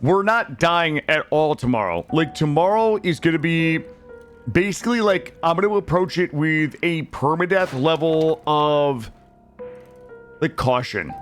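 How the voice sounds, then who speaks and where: Man, gaming streamer, casual chat, joking, swears, higher voice, faint music behind. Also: a bit bright. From Vermont, USA. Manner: joking, chatty, swears freely, talks to chat. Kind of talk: casual live-stream chat while playing.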